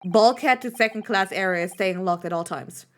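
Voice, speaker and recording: A woman's voice: medium pitch, normal speed, natural voice. A woman reading the lines of a stern male ship officer, speaking in clipped, blunt orders.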